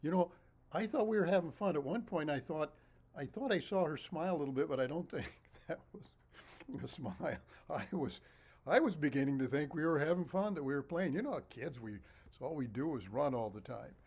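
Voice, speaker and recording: Lively man telling a childhood story. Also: fairly high pitch, a little fast, slightly rough. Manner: lively, animated, laughs often. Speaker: storyteller and author. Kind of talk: casual anecdotal storytelling.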